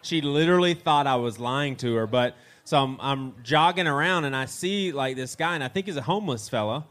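A man's voice: mid-range voice, brisk, a bit bright. Joking Southern US man, mid voice. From southeastern United States. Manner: joking, self-deprecating storyteller. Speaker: podcast co-host. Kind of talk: live podcast banter in front of a crowd. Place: pub stage. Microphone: handheld mic.

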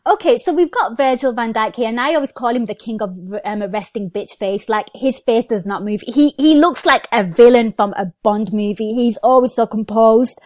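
A woman's voice: a little high, moderate pace, hardly any pauses, a little mellow, dry recording. Young female podcast host, upbeat and rambling, dry close recording. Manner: enthusiastic, chatty, long rambling questions. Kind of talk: casual interview chat.

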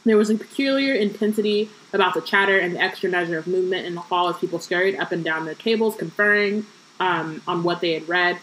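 A woman's voice: fairly low pitch, steady tone, fast talker, a bit bright, a little hiss or hum, rough recording. A woman co-hosting a casual book-club podcast, reading passages aloud and breaking off into joking asides with plenty of fillers.

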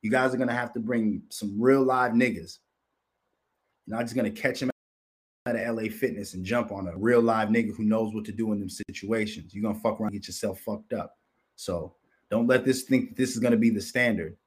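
A man's voice: lowish voice, fairly even intonation, fairly quick. A man hosting a commentary show, talking in a rambling, profane monologue and slipping into mocking voices. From Minnesota, United States.

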